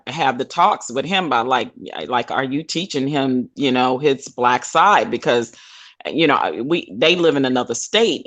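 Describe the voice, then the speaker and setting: A woman's voice: deep voice, a bit bright, no echo. A middle-aged grandmother chatting frankly in a group talk, telling family stories in an earnest, direct way. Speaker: panelist. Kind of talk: casual group chat.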